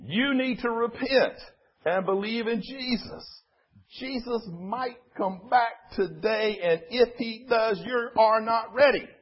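A man's voice: extremely high pitch, takes it slowly, husky, dull audio, pitched above the performer's own voice, exaggerated voice. A man mimicking a fiery hellfire preacher. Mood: threatening.

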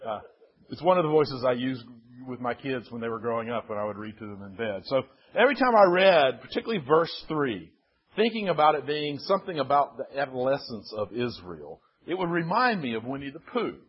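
An older male pastor giving a sermon in a measured, self-deprecating storytelling manner. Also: mid-range voice, very animated, husky. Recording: dull lo-fi sermon recording.

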